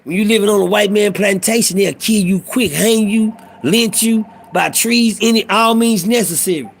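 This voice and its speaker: A man's voice: sits high, normal speed, vocal fry, slight background noise. A middle-aged man talking in a casual monologue, telling a profane, preachy prison story in street talk. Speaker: vlogger.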